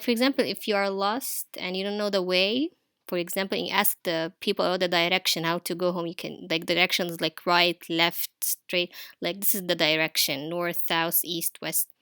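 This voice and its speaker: Teacher, female, crisp bright voice, slow repeated words for kids, dry close mic. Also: lowish voice, dry recording. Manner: explains slowly, repeats words for pupils to say. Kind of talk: online spelling lesson for children.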